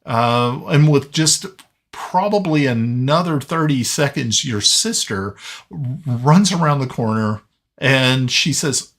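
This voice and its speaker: Male game master, gravelly, unhurried, halting narration with fillers. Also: medium pitch, animated, fairly bright tone. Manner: halting, many fillers and restarts. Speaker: dungeon master.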